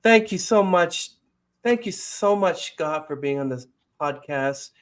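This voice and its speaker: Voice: medium pitch, expressive, measured pace. A podcast host who asks interview questions with earnest, gushing praise.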